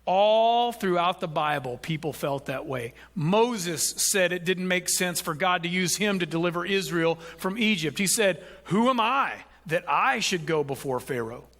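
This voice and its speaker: Male preacher, high and bright voice, animated delivery, sermon. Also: measured pace, few pauses. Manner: animated, acts out quoted prayers with rising pitch.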